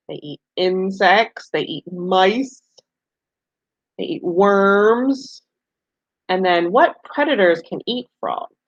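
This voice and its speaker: Woman teacher, young adult, slow expressive read-aloud for kids, muffled lo-fi recording. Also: medium pitch, no echo. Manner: slow, expressive storybook reading with playful animal sounds. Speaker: preschool teacher. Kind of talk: reading a picture book aloud to young children. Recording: dull lo-fi sound in a dry room.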